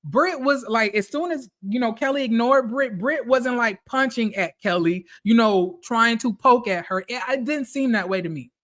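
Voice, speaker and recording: A man recapping a reality TV episode in casual commentary, animated and profane, talking straight to his viewers. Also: very high voice, normal speed, few pauses.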